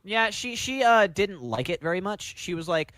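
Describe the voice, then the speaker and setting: Young guy, high lively voice, dry close mic, casual podcast storyteller. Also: normal speed, no echo. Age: young adult. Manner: animated storyteller, mimics people in high voices. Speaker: podcast co-host, music student. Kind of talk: casual chat.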